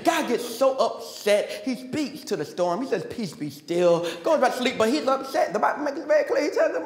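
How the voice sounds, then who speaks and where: High-voiced man preaching in echoey church. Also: big pitch swings, brisk, hardly any pauses. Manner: call-and-response preaching, builds to shouting; folksy, joking asides. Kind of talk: sermon. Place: large church auditorium. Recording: echoey church hall with faint music.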